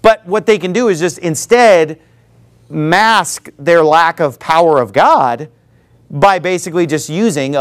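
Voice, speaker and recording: A man preaching a sermon, talking in an animated way and sometimes mocking other preachers. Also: a little high. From not from the American South.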